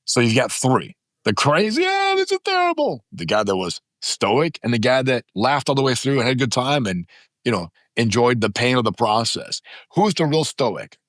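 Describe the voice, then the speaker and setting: Guest voice: man in his fifties, lively pitch, dry close studio sound, emphatic storyteller. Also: moderate pace, no echo. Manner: emphatic, dramatizes stories with quoted voices. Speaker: podcast guest. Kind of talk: animated storytelling in conversation. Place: podcast studio.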